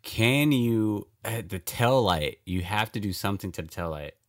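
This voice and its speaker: Male movie reactor, lowish voice with lively swings; talks back at the screen, laughs, swears. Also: moderate pace. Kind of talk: casual reaction commentary.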